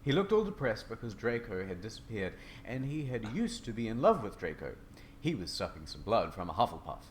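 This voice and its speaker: A man narrating a comedic dramatic reading in a deadpan, mock-serious way. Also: lowish voice, fairly quick, a little hiss or hum.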